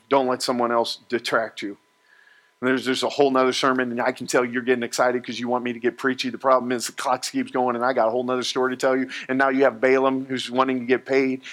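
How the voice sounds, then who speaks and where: A man preaching a sermon to a live congregation, telling a story in an animated, joking way and jumping between quoted voices. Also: medium pitch.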